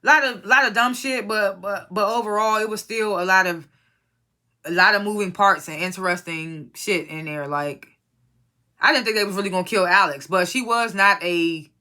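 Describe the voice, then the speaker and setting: Casual show reviewer, bright and forceful tone, rambling and profane, mid-range pitch. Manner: rambling, profane, incredulous asides. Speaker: TV episode reviewer.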